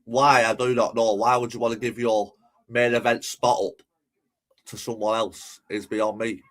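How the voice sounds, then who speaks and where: A man from England hosting a casual livestream, reading viewer comments aloud, giving shout-outs and swearing freely. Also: mid-range voice, flat delivery, normal speed. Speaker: livestream host.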